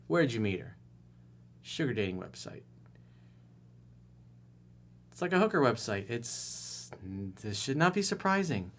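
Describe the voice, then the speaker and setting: A man's voice: medium pitch, fairly bright tone. A middle-aged man coaching on relationships, reading out a viewer's email and answering it with blunt, mocking sarcasm. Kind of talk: solo video commentary reading a viewer email.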